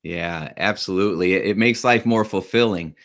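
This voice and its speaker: A man with a low voice hosts a podcast interview. He affirms what his guest says and steers him into the next story with short, casual prompts. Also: normal speed. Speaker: podcast host.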